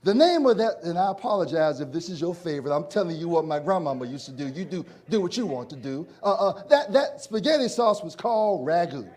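A man preaching a sermon, telling a homey story and then building to loud, emphatic preaching. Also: fairly high pitch, big pitch swings, brisk, few pauses. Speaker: pastor.

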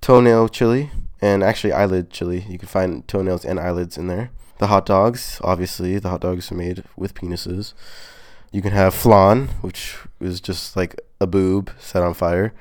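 A man playing a deadpan crude serial killer. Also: sits low, moderate pace, close to an everyday voice. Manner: deadpan, nonchalant bragging. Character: boastful adult male serial killer, gleefully crude. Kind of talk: comedic improvised interview skit.

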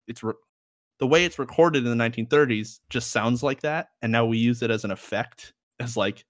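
A man's voice: mid-range voice, fairly bright tone, no echo, clean studio sound. A young man co-hosting a podcast in casual chat, rambling and laughing often. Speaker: podcast co-host.

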